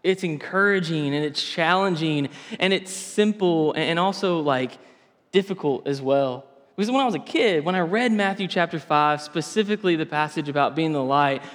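A young man delivering a sermon lesson in a casual, animated, conversational way, often restarting his phrases. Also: on the high side. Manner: animated, conversational, self-correcting. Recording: reverberant hall sound.

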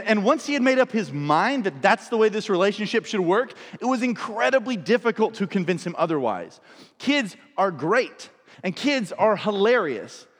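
A man's voice: high-pitched, a bit bright, in a large hall. A man in his thirties, a pastor preaching a sermon with playful storytelling and comic timing.

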